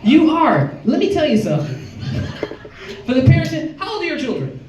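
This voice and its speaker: A woman's voice: wildly swooping pitch, moderate pace, a little mellow. A woman in her fifties from Chicago doing a brash stand-up set and acting out voices. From Chicago, Illinois. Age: 50s. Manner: brash, acts out voices with big pitch jumps. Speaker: stand-up comedian. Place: comedy club stage. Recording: echoey club from far off, faint noise. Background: audience laughter.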